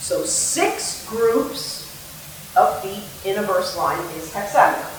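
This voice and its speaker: This theatre director speaks slowly and with animation in a mid-range voice, playfully teaching verse meter by singing and acting out each rhythm. There's a little hiss or hum, and the distant mic picks up an echoey room.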